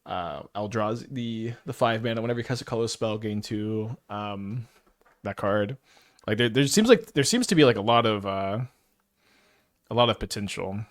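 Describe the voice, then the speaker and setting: A man's voice: fairly low pitch, moderate pace, no echo, studio quality. A man giving casual live commentary while playing a card game, stuttering and restarting often as he thinks aloud. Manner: stutters, many restarts and fillers.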